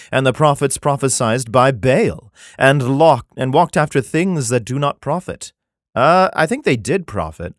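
A man's voice: mid-range voice, dry recording, studio quality. A man reading old scripture verses aloud and breaking in with sarcastic, irreverent comments that include swearing. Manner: plain unhurried reading of archaic verse.

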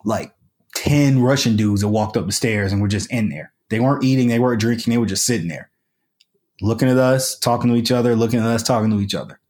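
A podcast guest from the United States tells a story at a brisk clip in a mid-range, darkish voice. He keeps it casual and colloquial, with plenty of fillers and restarted sentences.

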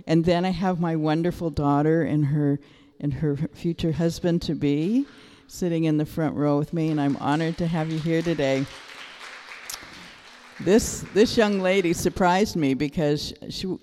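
A woman's voice: deep voice, mellow. Woman, middle-aged, sermon, emotional, chatty, asks the congregation questions, church hall, long reverb. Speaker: church speaker. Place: church sanctuary.

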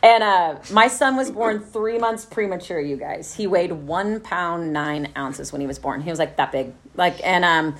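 A woman's voice: on the low side, normal speed, few pauses. A middle-aged woman from Texas, telling a personal story to a live audience in a candid, wry way, often laughing and saying "like". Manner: candid, wry, laughs through dark memories, many fillers like "like".

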